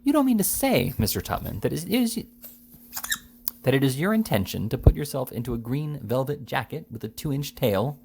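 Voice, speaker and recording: A man reading the part of a stout elderly gentleman who speaks with stern, emphatic dignity. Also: mid-range voice, very animated, normal speed, vocal fry, background noise, voice pushed up. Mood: stern indignant.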